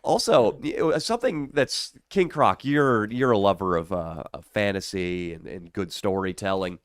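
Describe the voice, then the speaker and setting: A man co-hosting a podcast in casual banter, quick and joking, laughing often, with a lively, expressive pitch. His voice sounds dry and close, with little room around it. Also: clear, resonant tone, dry recording. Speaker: podcast co-host.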